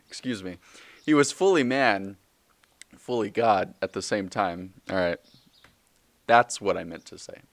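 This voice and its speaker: Young male podcast host, very low voice, dry sound, rambling jokey monologue with lots of ums. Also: animated, a little slow, pauses often, no room sound. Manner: rambling, joking, self-correcting with many fillers. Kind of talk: casual solo podcast monologue.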